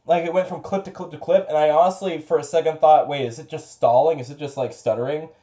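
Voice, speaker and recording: A podcast host in their thirties with a gravelly voice, chatting casually and rambling about a TV episode. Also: mid-range voice, fast. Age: 30s. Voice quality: gravelly, smoker-like. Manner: rambling, animated, swears. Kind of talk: casual chat.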